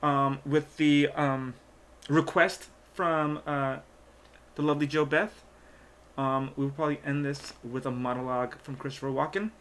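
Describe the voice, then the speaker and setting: A male host chats on a casual live stream, rambling with plenty of fillers and half-finished thoughts. His voice sits at an ordinary middle pitch for a man. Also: fairly even intonation, measured pace, fairly bright tone, smooth. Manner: rambling, trails off, lots of fillers.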